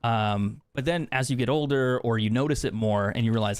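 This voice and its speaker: A young man streams a game and chats openly with his viewers. His voice sits at a mid pitch. His talk is loose and profane, with frequent laughs. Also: fairly quick, a little hiss or hum. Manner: candid, profane, laughs often. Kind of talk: casual chat with stream viewers while gaming.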